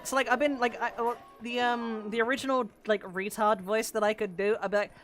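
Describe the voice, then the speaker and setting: A woman's voice: a little high, steady tone, a little fast, few pauses, soft background music. A woman streamer chatting casually while she plays a game, rambling and swearing freely with lots of fillers, in a voice she calls androgynous. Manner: rambling and profane, with many fillers.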